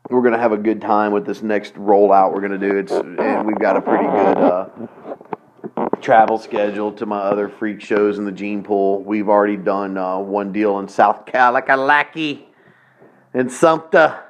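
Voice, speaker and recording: A man hosting a solo podcast, rambling in a crude, profane, joking and excitable way. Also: fairly low pitch, normal speed, slight background noise, low-quality recording. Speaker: podcast host.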